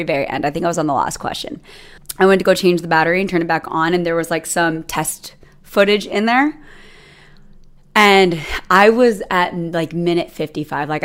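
A young adult woman hosting her own podcast, telling a personal story in a chatty, rambling way with many fillers. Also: on the low side. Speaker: podcast host. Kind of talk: casual solo podcast monologue.

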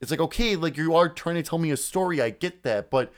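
A man's voice: fairly high pitch, lively intonation, fast talker. A man co-hosting a casual podcast who rambles and swears freely. He acts out his own reactions as he goes. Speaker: podcast co-host. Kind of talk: casual chat.

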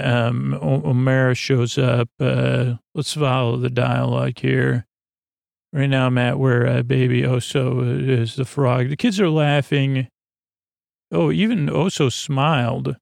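A man hosting a sleep podcast, recapping an episode in a rambling, halting way full of fillers and restarts. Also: mid-range voice, creaky, darkish tone, no echo, studio quality.

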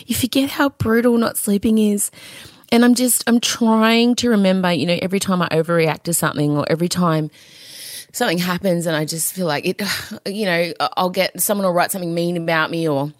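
A woman's voice: fairly low pitch, steady tone, brisk, dry recording. A tired woman hosting a podcast from home, talking frankly and emotionally in a rambling way. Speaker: podcast host. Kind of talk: candid podcast chat. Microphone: podcast microphone.

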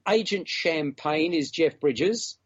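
A man's voice: a little high, expressive, takes it slowly, breathy edge, lo-fi sound. A man co-hosting a casual podcast chat about a film, chatty and teasing, talking in long run-on stretches. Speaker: film reviewer co-host.

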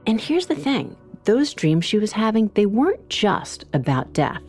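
A woman co-hosting a true crime podcast, explaining the case in a measured, conversational way. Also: mid-range voice, big pitch swings, a little mellow, soft background music.

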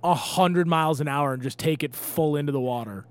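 A man co-hosting a podcast in casual chat, animated, swearing and acting out quoted voices. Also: fairly high pitch, brisk, clean tone, no echo. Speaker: podcast co-host.

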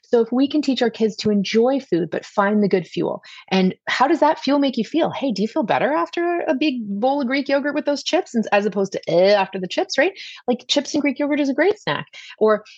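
A woman's voice: sits high, lively intonation, a little fast, a little mellow, breathy edge, no echo, dull audio. A woman in her forties, a pediatrician guest, talking earnestly in a casual podcast chat. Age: 40s. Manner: earnest, chatty.

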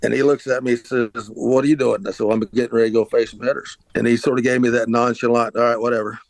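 A man's voice: mid-range voice, level tone, racing, rough recording. A middle-aged man, telling a long rambling story about his past as an interview guest, with many restarts and fillers. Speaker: interview guest, former pitcher. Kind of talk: casual storytelling.

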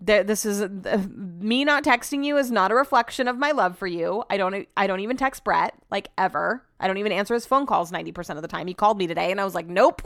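Podcast lady rambling and venting, lots of "like", swears a bit, smooth clear voice, dry close mic. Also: mid-range voice, fast talker, few pauses, a bit bright, no echo. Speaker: podcast host. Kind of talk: casual chat.

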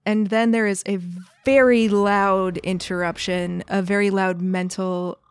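A woman's voice: mid-range voice, little pitch movement, measured pace, clean tone, no room sound. A woman running a tabletop role-playing game as game master, narrating scenes and rulings and laughing often.

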